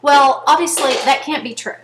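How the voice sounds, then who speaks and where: A woman's voice: high voice, normal speed, background noise. A woman in her fifties, chatting earnestly to her viewers and telling a story straight to camera. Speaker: vlogger. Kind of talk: casual chat to camera.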